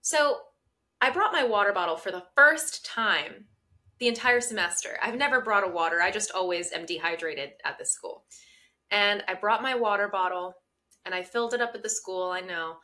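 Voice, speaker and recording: A woman with a bright, clear voice chats casually as a podcast co-host. She tells her story with animated indignation, her pitch sitting in an ordinary middle range. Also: normal speed.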